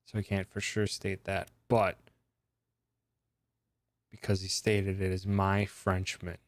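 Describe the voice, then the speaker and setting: A man's voice: low voice, little pitch movement, slow pace, no room sound. A man streaming a game, musing aloud as he works through its puzzles in casual commentary.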